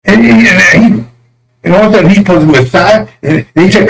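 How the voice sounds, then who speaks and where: A man with a high voice preaches in a fiery, rambling rant. His delivery is crude and mocking, full of scorn for those he condemns. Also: quick pace, creaky, low-quality recording. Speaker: self-styled religious messenger. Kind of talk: impassioned religious rant.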